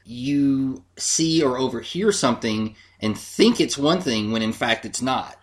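A man's voice: mid-range voice, expressive, measured pace. A man with an ordinary, mid-range voice co-hosts a casual film podcast. He speaks in an easygoing, agreeable way and often adds short words of agreement. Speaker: podcast co-host.

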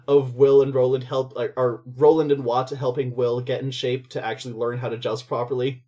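Husky, chatty man on a podcast. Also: medium pitch, level tone, moderate pace, warm tone, muffled recording. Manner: chatty, laughing, acts out quoted lines. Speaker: podcast co-host. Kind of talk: casual podcast chat.

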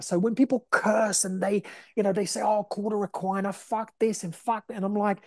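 A young man hosting a solo podcast, talking in an emphatic, energetic, motivational way. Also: high voice, no echo, studio quality. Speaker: podcast host.

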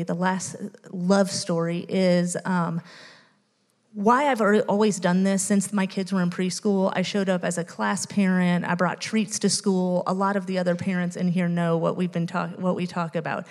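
A youth ministry volunteer in her late 30s shares an earnest church testimony, filling it with ums and growing emotional toward the end. Her voice is lowish and a little mellow, and a long reverb tail follows her words.

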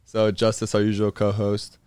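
A man's voice: fairly low pitch, completely flat delivery, normal speed, a little mellow, clean tone. A young man in college hosting a casual podcast recorded in a truck, joking and bantering with his guests. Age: young adult. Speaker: podcast host. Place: inside a truck.

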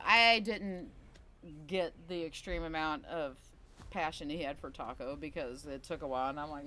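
A woman co-hosting a casual podcast chat, telling a story with lively acted-out quotes and sound effects. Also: fairly low pitch, brisk, a little hiss or hum. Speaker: podcast co-host.

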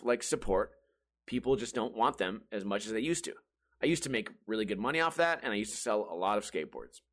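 Young male podcast host, bright voice that swings a lot, crude and lively as he spins a yarn. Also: mid-range voice. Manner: profane, animated, acts out quoted voices. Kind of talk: casual comedic storytelling.

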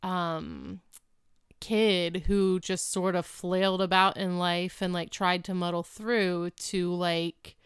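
A woman's voice: fairly low pitch, flat delivery, slow, smooth, no echo, clean studio sound. A woman in her thirties co-hosting a podcast, recapping a sitcom in casual chat with lots of "like" fillers. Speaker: podcast co-host.

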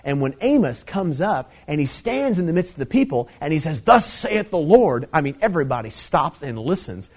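A man's voice: a little high, sing-song, a little fast, hardly any pauses, a little mellow, breathy edge. A middle-aged man preaching a Bible teaching sermon in a conversational way, with many fillers, swelling into emphatic stresses.

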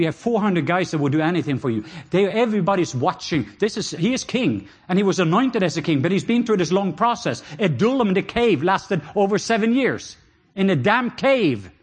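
A middle-aged man with a Norwegian accent preaches a sermon in a husky voice that sits on the high side. He's animated, tossing in laughing asides before dropping into soft, intimate tones.

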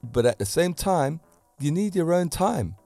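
A man hosting his own podcast, a fitness teacher talking about romance in a lively, preachy way with many rhetorical questions into a handheld mic. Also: on the high side, measured pace, creaky, no echo, soft background music. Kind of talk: solo podcast talk on romance.

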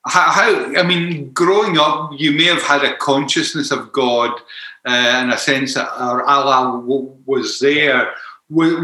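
A man interviewing a guest, asking probing questions in a halting way with restarts. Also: a little high, pushed and bright. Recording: echoey room.

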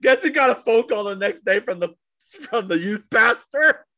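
A man's voice: high-pitched, animated, moderate pace, sharp tone. A young man co-hosting a podcast, telling a long story in casual chat with laughs and sarcastic asides. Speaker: podcast co-host.

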